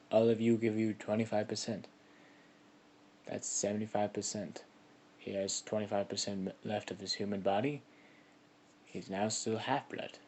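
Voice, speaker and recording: A stern, foul-mouthed father god of mythical creatures, as a storytelling man puts him on, scolding slowly with curses. The voice sits fairly low and speaks at an unhurried pace. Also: darkish tone, slight background noise, lightly acted. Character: commanding male god of mythical beasts, stern and crude.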